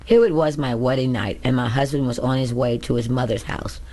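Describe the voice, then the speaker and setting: In a dark, extremely low-pitched voice, a woman reads her own memoir aloud at a brisk pace. She tells her story candidly in the first person, as an author narrating her audiobook.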